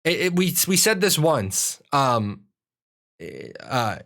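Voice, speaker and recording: A man's voice: fairly high pitch, big pitch swings, takes it slowly, fairly bright tone. A man from Ireland hosting a casual live-stream Q&A, answering viewer questions in a profane, rambling way with many restarts.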